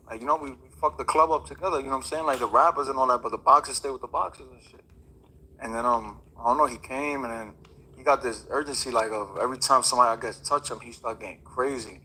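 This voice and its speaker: A man's voice: mid-range voice, fast talker, sharp tone, slightly rough, rough recording. A man, a boxer, telling a story in a casual, slangy, rambling way with many fillers. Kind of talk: casual interview chat.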